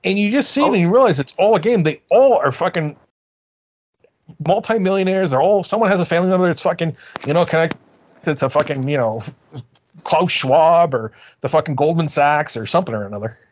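Male podcast host, higher voice, profane and ranting, casual chat. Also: animated, fairly quick. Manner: ranting, profane, addresses listeners as folks.

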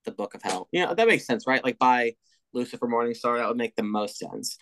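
A man's voice: mid-range voice, animated, fairly quick, fairly bright tone, a little hiss or hum. A man co-hosting a podcast, chatting animatedly and swearing freely as he retells movie scenes. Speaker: podcast co-host. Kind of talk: casual chat.

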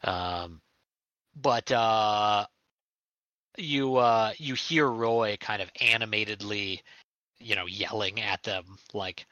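A man's voice: on the low side, slow, sharp tone, no room sound, poor audio. A man narrating a tabletop game as game master, rambling with lots of fillers. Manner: rambling, full of uhs and likes.

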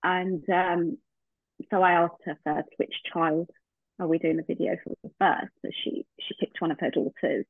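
A podcast guest shares a heartfelt personal story, slipping into the remembered dialogue as she goes. Her voice sits a little low for a woman. The sound is dry and thin, like a phone line. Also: flat delivery, unhurried, vocal fry, slightly rough, no echo.

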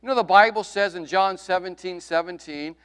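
A middle-aged man preaching a sermon with emphasis, his voice rising loud and dropping to a hush, with folksy asides. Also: high-pitched, a little fast, clean tone. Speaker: pastor.

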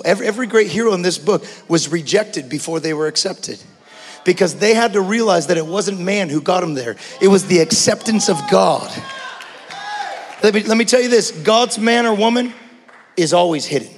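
A man preaching a sermon as pastor, passionate, swinging between hushed talk and shouting. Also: high-pitched, lively intonation, moderate pace, long reverb tail. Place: church.

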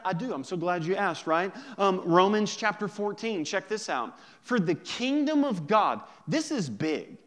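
A man pastor preaching a sermon in a conversational, joking way, drawing out key words slowly for emphasis. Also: a little high, expressive.

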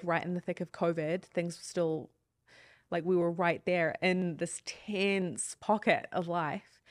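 A woman's voice: lowish voice, dry recording, clean studio sound. A woman in her thirties, a podcast guest, telling a personal story in a candid, reflective and earnest way. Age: 30s.

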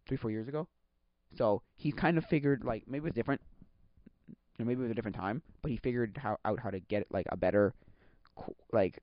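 A young man from Quebec talks in a loose, rambling way, often stopping mid-word to restart and sometimes breaking into exasperated rants. His voice sits at an ordinary middle pitch. The recording is dry and close but has a dull, lo-fi tone. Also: dry recording. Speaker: podcast host. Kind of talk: casual chat. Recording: dull lo-fi sound.

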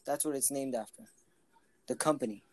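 A man's voice: medium pitch, brisk, rough recording. A young man in casual chat, insistent and quizzing, talking over the other person.

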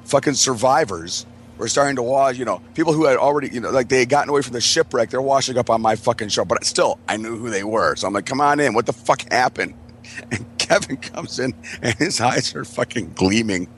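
A man's voice: mid-range voice, brisk, slight background noise. A man telling a rambling, profane story in casual chat, acting out the quotes of everyone involved. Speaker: podcast co-host.

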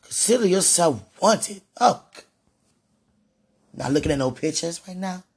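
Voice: medium pitch, animated, measured pace, slightly rough. A speaker in a fervent devotional monologue, sighing and laughing often and repeating words.

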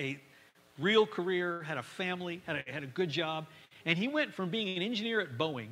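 A man, a pastor, preaching a sermon to his congregation in a lively, conversational way, acting out the voices he quotes. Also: high-pitched. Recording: long hall reverb.

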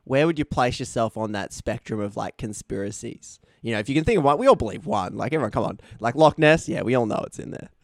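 A man's voice: mid-range voice, animated, fast, hardly any pauses, no echo, studio quality. A man hosting a casual podcast interview, chatty and teasing his guest. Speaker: podcast host.

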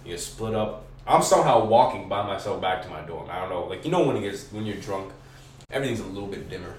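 A man's voice: low voice, fast. A young man telling a story as a podcast guest in casual, slangy, profane talk. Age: young adult. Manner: slangy, profane, animated retelling. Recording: roomy echo, distant mic, faint background.

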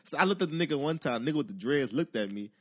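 Animated man telling a street story. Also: mid-range voice, racing, slightly rough. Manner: animated, profane, acts out the voices of other people. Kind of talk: casual storytelling chat.

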